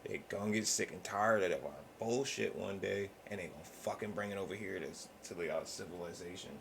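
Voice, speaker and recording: A very deep male voice with a gravelly, fried edge, talking casually as a podcast host. He rambles loosely and swears freely, slipping into acted-out quotes as he goes. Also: a little fast, noisy background. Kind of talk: casual chat.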